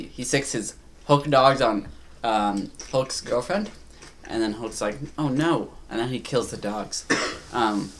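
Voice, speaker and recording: A young man chats casually on a podcast, stumbling through a retelling with plenty of fillers and restarts. His voice sits at an ordinary middle pitch, with a faint hiss under the recording. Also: a bit bright. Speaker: podcast co-host. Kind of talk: casual chat.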